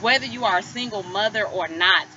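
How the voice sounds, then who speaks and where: A woman's voice: medium pitch, brisk, pushed and bright. A woman in her thirties candidly telling her personal story as a vlogger, earnest and emotional. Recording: slightly muffled, faint hiss.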